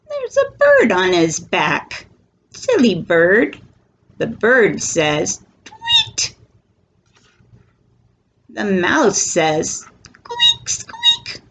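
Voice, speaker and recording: A woman reading a picture book aloud to toddlers as a storyteller, slow and animated. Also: mid-range voice. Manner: slow, sing-song and animated for small children. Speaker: children's storyteller.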